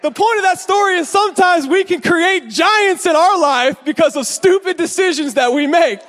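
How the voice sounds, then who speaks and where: Animated high-voiced male preacher. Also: normal speed, in a large hall. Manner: animated storytelling, acts out voices. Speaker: pastor. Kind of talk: sermon.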